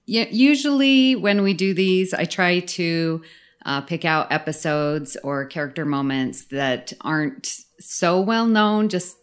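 A woman co-hosts a podcast in casual conversation, speaking slowly in a fairly low, clean-toned voice. She sounds enthusiastic and laughs frequently.

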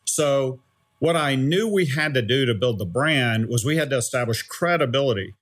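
In an animated, conversational interview, a middle-aged former startup CEO tells a story, repeatedly checking in with "right?" He speaks at medium pitch and a moderate pace.

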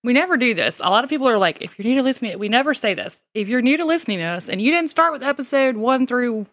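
This woman, a Mississippi native with a Southern accent, talks fast in a slightly high, expressive, fairly bright voice on a dry recording. As co-host of a casual chat podcast, she spins stories with chatty self-deprecation.

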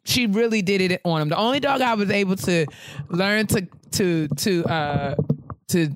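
A woman co-hosting a podcast in casual chat, telling a story with lively asides and acted-out voices. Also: mid-range voice, normal speed, no room sound. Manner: animated storyteller, acts out quoted voices. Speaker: podcast co-host.

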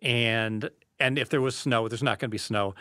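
A man making his betting case in a hesitant, rambling way, often stalling and restarting. His voice is mid-pitched, and it sits close and dry with hardly any room sound. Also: steady tone, normal speed, sharp tone, no echo. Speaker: sports betting analyst. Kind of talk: casual debate.

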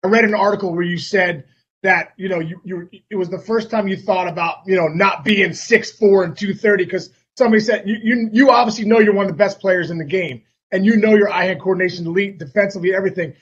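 A man's voice: sits high, quick pace, husky, dull audio. A man hosting a podcast who asks long, winding questions. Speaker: podcast host. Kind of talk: interview questions.

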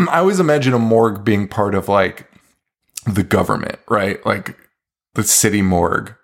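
A man's voice: lowish voice, normal speed. A man co-hosting a podcast, recapping a bad horror movie in casual chat, swearing freely and laughing often. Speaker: podcast co-host.

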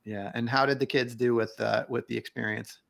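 A man's voice: mid-range voice, steady tone, creaky. Attentive male podcast host. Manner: attentive, quick agreeing interjections and warm follow-up questions. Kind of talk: casual interview.

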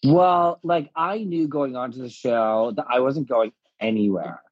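A young adult man, a drag performer guest, telling his story with lively acted-out quotes and frequent laughs over a live video call. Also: medium pitch, a little slow, breathy edge, no echo. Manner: animated storytelling, acts out quotes, laughs often. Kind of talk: casual interview chat. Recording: dull lo-fi live-stream audio.

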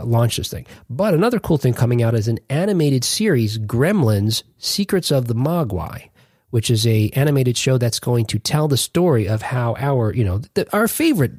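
This male podcast host has a husky, breathy, darkish voice whose pitch rises and falls as he speaks. He rambles, often stops to correct himself, and swaps jokes in relaxed chat. The recording is dry and close, with no room sound.

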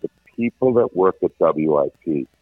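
A middle-aged man, a veteran sports radio host, telling stories in animated casual chat with many restarts. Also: low-pitched, normal speed. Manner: animated anecdotal, frequent restarts. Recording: tinny phone-like line.

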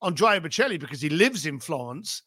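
A fairly quick, husky delivery marks this middle-aged podcast guest, whose voice is still high, bright and sharp. Telling business stories with emphatic energy, he links rhetorical questions and drops casual profanity, recorded close and dry without room sound.

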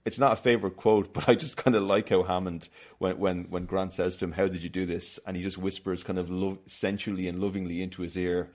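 A man's voice: deep voice, steady tone, fairly quick, a little mellow. A man hosting a casual film podcast, chatty and loose, often laughing. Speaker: podcast host.

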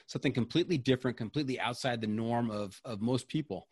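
A man's voice: mid-range voice, fast talker, hardly any pauses, slightly rough, no room sound, studio quality. A man hosting a podcast, asking curious, self-deprecating questions. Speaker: podcast host.

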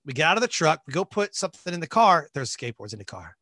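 A man guest on a podcast, telling a personal story in an animated way and acting out the voices of people in it. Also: a little high, fast talker, no room sound. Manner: animated, acts out voices in his stories, many fillers like "like".

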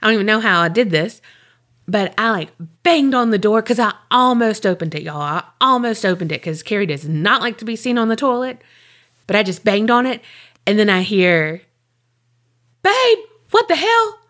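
A woman co-hosting a podcast, telling a rambling story in animated casual chat, swearing and laughing often. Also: mid-range voice, brisk. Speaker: podcast co-host.

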